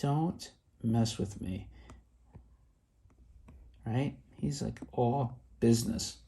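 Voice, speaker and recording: A middle-aged man casually showing off vintage toys, chatty and excitable with rambling asides. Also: on the high side. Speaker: toy collector vlogger. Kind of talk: casual show-and-tell.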